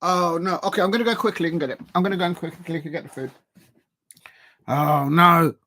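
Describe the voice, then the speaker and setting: A man's voice: on the high side, brisk, sharp tone. Rambling man hosting a football watch-along. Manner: rambling, hesitant, full of fillers.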